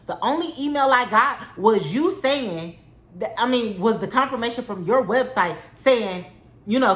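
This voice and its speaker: A woman's voice: a little high, normal speed. A young woman telling a story to camera in a casual, indignant, exasperated way. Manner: animated, indignant, exasperated, frequent "like". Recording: echoey room.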